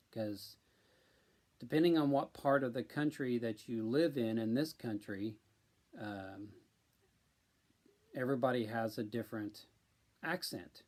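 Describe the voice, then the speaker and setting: Male streamer, deliberate unhurried delivery, filler-heavy casual chat. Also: medium pitch. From central Illinois, USA. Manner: slow, deliberate, with many ums. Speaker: live stream host.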